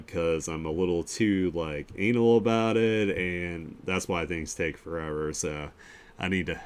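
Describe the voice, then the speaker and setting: A man hosting a live art share stream, chatting casually in a rambling way with lots of fillers and chuckles. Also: low-pitched. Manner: laid-back and rambling, with many fillers and chuckles.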